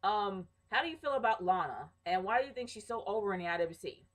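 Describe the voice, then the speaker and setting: A woman in her thirties talks casually to her camera as a vlogger, answering viewer questions one by one. She is chatty and opinionated, with plenty of ums and little restarts. Her voice sits in a middle pitch. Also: expressive, quick pace, rough recording. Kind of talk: casual chat.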